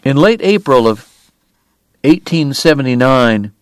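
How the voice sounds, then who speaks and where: A man narrates an audiobook in a lyrical, dramatic way, letting the phrases swell with intensity. He reads slowly and deliberately at a mid pitch, and the studio sound is dry and close. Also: expressive, no echo.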